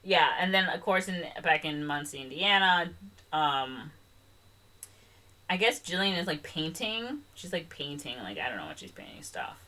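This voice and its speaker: Chatty young woman with a bright voice. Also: low-pitched, sing-song, normal speed. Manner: chatty, rambling retelling full of "like" and "um". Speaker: podcast co-host. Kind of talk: casual podcast chat.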